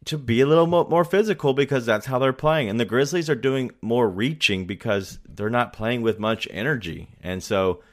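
A man co-hosting a casual sports podcast, talking in a relaxed, rambling way with many fillers. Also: medium pitch, normal speed, hardly any pauses. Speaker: podcast co-host.

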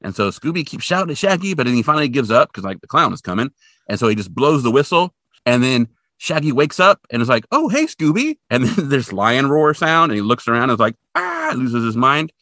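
Blunt, wry male co-host, animated low voice, dry mic. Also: fast talker, no echo. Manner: wry, blunt, swears casually. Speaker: podcast co-host. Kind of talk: casual episode recap chat.

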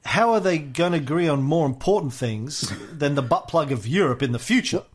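A man's voice: fairly high pitch, lively intonation, fairly quick, breathy edge. A man co-hosting a history podcast, telling the story in a joking, casual way with lots of filler sounds. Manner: jokey storytelling with frequent "uh" fillers. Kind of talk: casual chat.

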